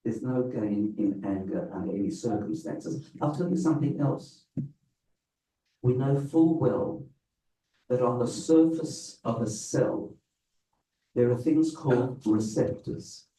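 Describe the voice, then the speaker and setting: Slow deliberate man lecturing in a hall. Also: medium pitch, warm tone, distant mic. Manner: slow, deliberate teacher with emphatic phrasing. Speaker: rabbi giving a talk. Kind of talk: public lecture. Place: event hall with a live audience. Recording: roomy, slightly muffled hall sound.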